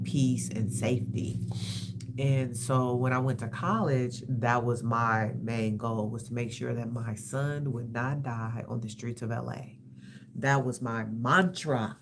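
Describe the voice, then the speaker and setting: A woman in her fifties shares personal reflections at a slow, unhurried pace. Her voice carries a gravelly, creaky texture. She halts and repeats words as she searches for what to say. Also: rumbling low, slight background noise. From Los Angeles, USA. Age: 50s. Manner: halting and reflective, repeats words, soft-spoken candor. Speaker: livestream host.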